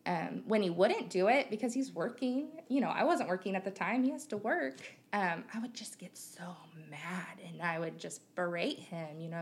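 A woman's voice: fairly low pitch, normal speed, hardly any pauses. A woman in her thirties from Missouri, speaking as a podcast guest with open, reflective talk and frequent fillers. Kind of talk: candid conversational interview.

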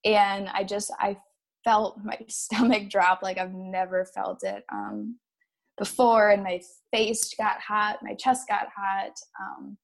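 A woman in her thirties telling a personal story, halting and choked up, with nervous laughs. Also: medium pitch, level tone, creaky.

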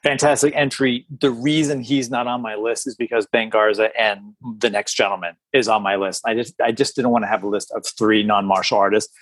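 A man's voice: lowish voice, steady tone, brisk, few pauses, no room sound. A man co-hosting a podcast, chatting casually about films and often restarting his sentences. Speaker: podcast co-host. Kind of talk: casual film discussion.

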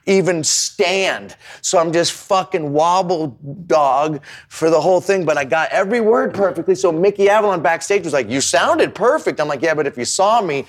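Animated man telling a wild story. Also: on the high side, normal speed, few pauses. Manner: animated, swearing, acts out his story. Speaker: comedian and rapper guest. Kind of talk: casual storytelling chat.

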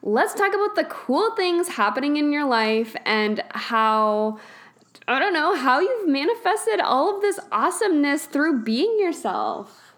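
A woman's voice: high-pitched, sing-song, a little slow, a bit bright. Enthusiastic woman podcast host. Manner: enthusiastic, gushing praise. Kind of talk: casual interview chat.

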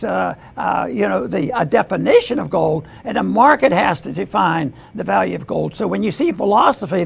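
An older man hosting an economics talk, speaking haltingly with restarts and throat clearing. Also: high voice. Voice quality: gravelly, husky. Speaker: host. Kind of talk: economics commentary.

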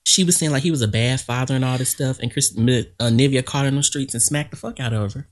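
A woman's voice: very deep voice, quick pace. A woman co-hosting a casual gossip podcast, blunt and slangy as she tells the story. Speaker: podcast co-host.

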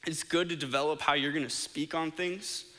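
A man's voice: fairly high pitch, fairly even intonation, normal speed, pushed and bright. Earnest preaching man in a reverberant hall. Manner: earnest, conversational, with fillers and restarts. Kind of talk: sermon.

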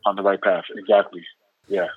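A Canadian man with a low voice and a relaxed Canadian accent talks loosely as a guest, with lots of fillers. He comes through a tinny, dry phone line. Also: a little fast, slightly rough, no room sound. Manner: easygoing, rambling with many fillers. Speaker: rapper guest. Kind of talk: casual interview over the phone.

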